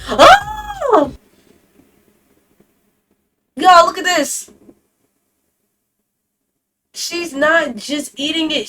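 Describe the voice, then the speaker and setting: A woman's voice: high-pitched, fairly bright tone. A woman hosting a reaction video, gasping and exclaiming as she comments on clips.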